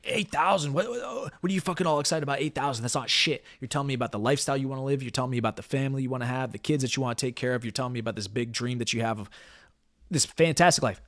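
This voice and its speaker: A man's voice: mid-range voice, very fast, fairly bright tone, no echo, clean studio sound, natural voice. A man voicing an angry male sales leader who scolds a trainee with incredulous, profane outbursts. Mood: furious, scornful.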